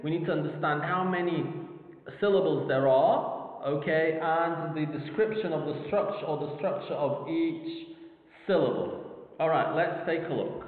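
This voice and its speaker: A man's voice: a little high, normal speed. A man lecturing on phonetics, repeating each example word several times as he breaks it into syllables. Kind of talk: recorded classroom lecture. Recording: phone-like audio, echoey hall.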